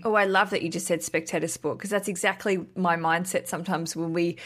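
A woman's voice: lowish voice, fairly even intonation, brisk. A woman hosting a wedding-planning podcast, chatting playfully and laughing easily with her guest. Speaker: podcast host. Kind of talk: casual interview chat.

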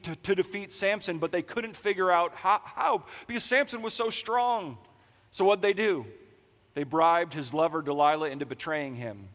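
A young male pastor delivers a sermon in a loose, joking manner, with "like" in many of his sentences. His voice sits high for a man. The sound carries the long reverb of a church hall. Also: a bit bright. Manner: casual, jokey, heavy use of "like". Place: church sanctuary.

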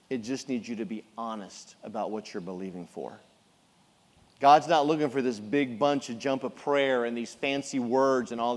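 A middle-aged man preaching a sermon as a pastor, animated and jokey as he tells the story. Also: mid-range voice. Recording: long reverb of a large hall.

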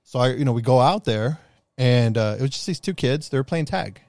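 A man in casual chat, telling stories with lots of swearing, animated and often laughing. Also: medium pitch, fairly quick, no echo. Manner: animated, profane storyteller who gets loud and laughs.

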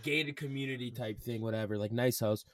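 A man's voice: mid-range voice, a little fast, no room sound. A man in his twenties rambling through a party story on a casual podcast, slangy and full of filler words.

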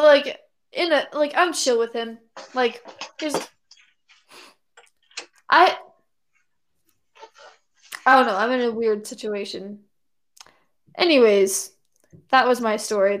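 Chatty girl rambling a story, lots of "like", kinda high voice. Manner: rambling, full of "like" and "anyways". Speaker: storyteller in a casual chat. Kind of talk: casual chat.

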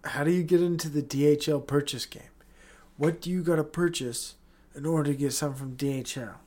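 A man's voice: on the high side, steady tone, brisk, a little mellow. Rambling, profane podcast host man. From Utah. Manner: rambling, profane, incredulous, many restarts. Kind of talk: casual solo rant.

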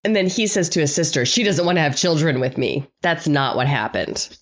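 A low-voiced woman talks as a podcast guest, animated and sarcastic, jumping into quoted voices. Her delivery is casual and quick to joke. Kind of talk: casual recap chat.

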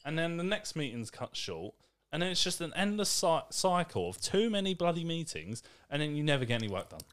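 A man's voice: fairly high pitch, a little fast. A young man co-hosting a podcast, talking bluntly and animatedly, acting out exchanges as he argues. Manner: animated, blunt, acts out dialogue in bursts. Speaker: podcast co-host. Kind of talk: casual chat.

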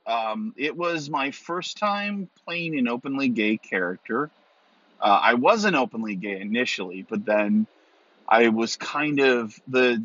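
A man at a middle pitch hosting his own podcast in a loose, rambling manner, full of ums and restarts. The recording is a little muffled and very dry. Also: pushed and bright, dry recording. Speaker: podcast host. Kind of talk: casual solo podcast talk.

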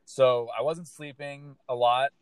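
A male comedian talks casually and tells his stories with lively swings of pitch, often acting out what people said. He swears a lot. The sound is dry and close, with no room echo. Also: measured pace, clean tone. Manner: animated storyteller, swears freely, acts out quotes. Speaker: stand-up comedian. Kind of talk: casual podcast chat.

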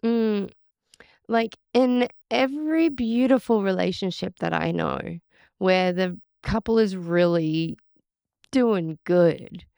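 A woman's voice: medium pitch, slow, gravelly, a little mellow, clear, resonant tone, no echo, studio quality. A woman hosting a podcast in casual conversation, reflective and affirming, often agreeing with short replies. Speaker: podcast host.

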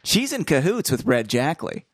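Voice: medium pitch, big pitch swings, normal speed, no room sound, studio quality. A podcast co-host in casual, jokey conversation about a book, often slipping into silly voices. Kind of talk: casual book-club chat.

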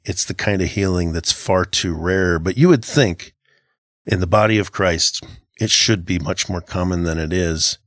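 A man's voice: low voice, normal speed, fairly bright tone, no echo. A middle-aged man co-hosting a casual Christian podcast, talking in an earnest, reflective way with frequent halts and restarts. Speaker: podcast co-host.

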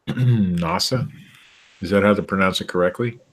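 A man's voice: low-pitched, fairly even intonation, fairly bright tone. A man co-hosting a podcast, reading odd news stories aloud with stumbles and bursts of laughter. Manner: reads stories haltingly, laughing through them.

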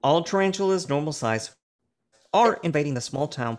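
A man's voice: a little high, lively intonation, normal speed. A young man co-hosting a podcast, tipsy, rambling and swearing as he reads a plot synopsis and laughs often. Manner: rambling, profane, laughs often, restarts sentences. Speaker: podcast co-host. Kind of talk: casual chat, reading a synopsis.

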